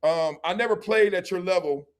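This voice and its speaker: A man, hosting a livestream and telling lively stories, acting out voices and laughing often. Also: sits high, moderate pace. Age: 50s. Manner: animated storyteller, acts out voices, laughs often. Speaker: show host. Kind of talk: livestream storytelling and chat.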